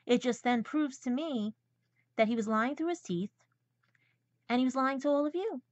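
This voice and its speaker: A woman vlogger with a high voice rants angrily and confrontationally at a moderate pace in a personal vlog, repeatedly calling her viewers "guys." The recording sounds dull, lo-fi and dry.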